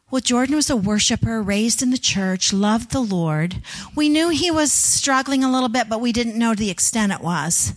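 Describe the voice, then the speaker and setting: A middle-aged woman giving an earnest testimony sermon to a women's gathering, telling family stories and leading prayer. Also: mid-range voice. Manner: earnest storytelling, voices family members in quotes. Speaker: women's event speaker.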